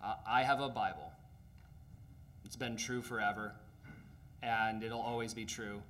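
Bright-voiced man preaching a sermon. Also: on the low side, fairly even intonation, unhurried, a little hiss or hum. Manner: earnest, emphatic, with frequent fillers and restarts.

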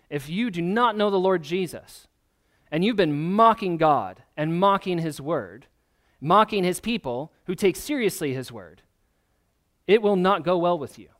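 A man's voice: fairly high pitch, a bit bright. A man, a pastor, preaching a sermon in an earnest, emphatic way, often asking the listeners questions.

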